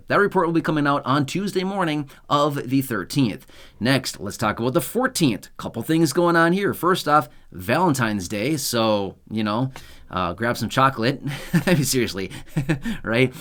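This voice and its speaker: A man's voice: mid-range voice, a bit bright. Guy doing a casual explainer, chatty, keeps asking "okay? right?", bit sarcastic. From United States. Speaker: channel host.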